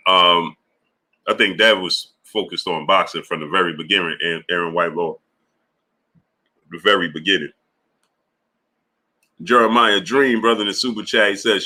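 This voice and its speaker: A man hosting a livestream, casually reading and greeting viewers from the chat. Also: lowish voice. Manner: laid-back, shouting out viewers from the chat. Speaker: livestream host.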